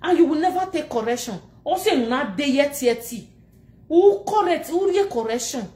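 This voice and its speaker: A woman speaking in a Nigerian Pidgin English accent, ranting casually to camera in an animated, laughing and scolding way. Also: high voice, moderate pace, roomy sound. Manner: animated, laughing, scolding and mocking, switching languages. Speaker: social media personality.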